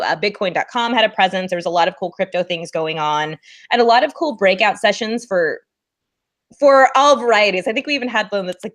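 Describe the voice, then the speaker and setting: A woman's voice: on the low side, fairly bright tone. A young woman, a podcast guest, talking in a bubbly way and laughing often. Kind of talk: casual chat.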